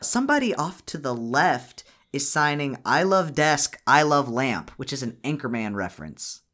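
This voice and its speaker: A woman's voice: very deep voice, very animated, fairly bright tone. A woman co-hosting a casual podcast, retelling a cartoon's plot with lots of swearing and laughter. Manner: profane, laughing, fast retelling. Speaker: podcast co-host. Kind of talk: casual chat reviewing a cartoon.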